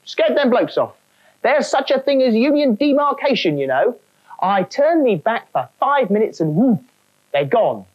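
A woman's voice: a little high, sing-song, moderate pace, dull audio, voice pushed up. A woman voicing a chatty trainee ghost, cheeky and matey.

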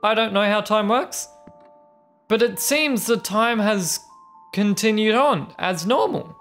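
As a let's play host, a young adult woman plays through a video game, chatting playfully and voicing the characters' dialogue. Her mid-range voice is animated, slow and a bit bright, with faint music behind her.

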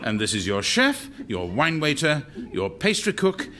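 A pompous presenter of household servants. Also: male voice, fairly high pitch, wildly swooping pitch, a little slow, sharp tone, heavily acted. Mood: grandiose. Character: grand man presenting a long line of household servants. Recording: noisy played radio clip.

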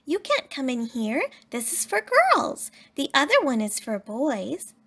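A woman voicing a bossy, indignant little schoolgirl who speaks in a shrill, insistent way. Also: wildly swooping pitch, unhurried, a bit bright, heavily acted.

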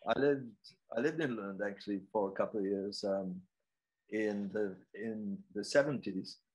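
A man's voice: on the low side, normal speed, darkish tone, breathy edge, low-quality recording. A man in the audience asking an author a long, hesitant, musing question over an online call. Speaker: audience member.

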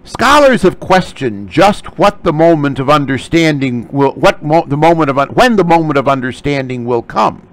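A man's voice: a little high, poor audio. A man teaching a scripture lecture, explaining Greek terms closely. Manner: slow, animated delivery. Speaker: Bible study teacher.

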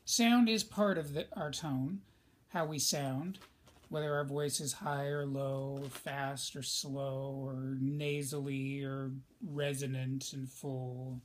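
A man's voice: medium pitch, steady tone, slow pace. A male teacher giving a recorded lesson in a conversational way, speaking straight to his students. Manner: conversational, addresses students directly.

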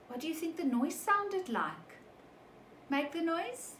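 A woman teacher reading a picture book to young children, slow and animated, stopping to ask them questions. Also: high voice, echoey room, slight background noise, low-quality recording. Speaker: preschool teacher.

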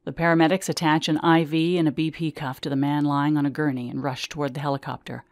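A woman reading her own memoir aloud in measured, vivid first-person storytelling. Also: sits low, little pitch movement, dry recording, clean studio sound.

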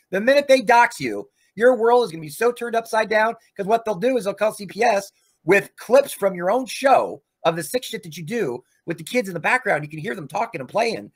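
A man's voice: high voice, expressive, brisk. Profane, ranting man. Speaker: livestream host. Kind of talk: ranting livestream chat.

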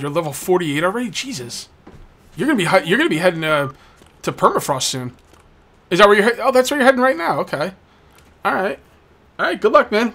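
A man with a somewhat high voice talks through a shop game in casual let's play commentary. He keeps up a jokey running chat with the customers on screen. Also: sing-song, fast, a bit bright.

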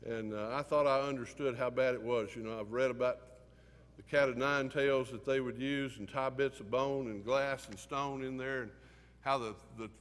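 An older man, teaching a Sunday class in an earnest, emotional way, with many pauses and fillers. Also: mid-range voice, steady tone, fairly bright tone. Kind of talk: sermon. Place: church classroom. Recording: hall reverb.

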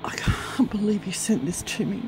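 A woman crafter filming a gift unboxing at home on a handheld camera, tearful and trembling, gushing softly with many breathy sighs. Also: mid-range voice, normal speed, slight background noise, poor audio. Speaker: craft vlogger. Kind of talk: emotional gift-unboxing vlog. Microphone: handheld camera, shaking.

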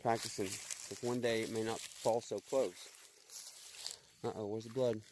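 A man's voice: on the low side, fairly even intonation, moderate pace, a little mellow, slight background noise. A man filming on a handheld phone in a tree stand in the woods, talking to his daughter in an effusive, encouraging way. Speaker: father taking his daughter hunting.

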